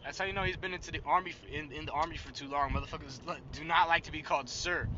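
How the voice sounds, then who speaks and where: A man's voice: fairly high pitch, racing, bright, forceful tone. A young man co-hosting a casual podcast, rambling and cursing and laughing as he talks from inside a car. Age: young adult. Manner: profane, rambling, laughs a lot. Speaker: podcast co-host. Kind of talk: casual chat. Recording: dull lo-fi sound with road noise.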